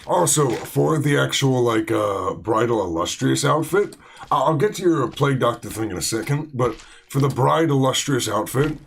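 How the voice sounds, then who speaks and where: A man's voice: mid-range voice, lively intonation, moderate pace, gravelly, a little hiss or hum. A man hosting a game let's play, chatting casually in a rambling way full of fillers and restarts. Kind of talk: casual gaming commentary.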